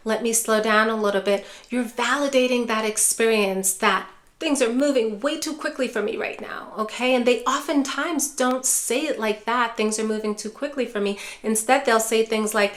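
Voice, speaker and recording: Calm woman teaching dementia caregivers. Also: fairly high pitch. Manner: calm, repeatedly addresses viewers as care partners. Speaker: dementia care educator. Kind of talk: direct-to-camera teaching.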